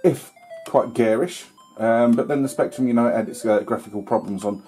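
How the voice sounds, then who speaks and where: Man, retro game commentary, mellow warm tone, rambling with fillers, faint chiptune music behind. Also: mid-range voice, brisk. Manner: rambling, filler-heavy, mild swearing. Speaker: retro gaming YouTuber. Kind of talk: casual gameplay commentary.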